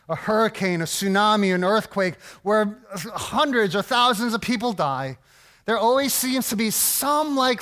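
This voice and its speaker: A man's voice: high voice, a bit bright. A man preaching a sermon as a pastor, casual and rambling, with lots of restarts and asides, asking "right?" often.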